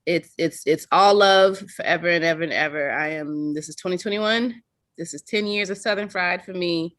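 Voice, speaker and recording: A woman's voice: lowish voice, normal speed, a bit bright, no echo, clean studio sound. A woman in her thirties, an organizer giving a playful, candid thank-you speech over a video call, teasing and swearing freely. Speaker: slam organizer.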